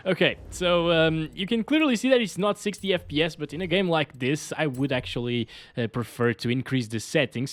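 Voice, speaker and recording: A man hosting a casual hardware review, upbeat and chatty, often laughing and mumbling quick asides. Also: fairly high pitch, dry recording. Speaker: tech reviewer host.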